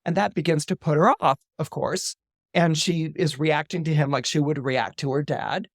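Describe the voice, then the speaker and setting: A man's voice: a little high, steady tone, moderate pace, no room sound, studio quality. A man, an astrologer guest on a podcast, retelling a story with animation, often repeating words and acting out the dialogue.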